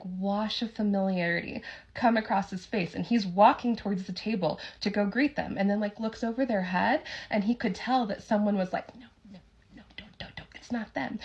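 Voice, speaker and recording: A young woman narrating a spooky true story in a casual, animated, dramatic way. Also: medium pitch, highs cut off.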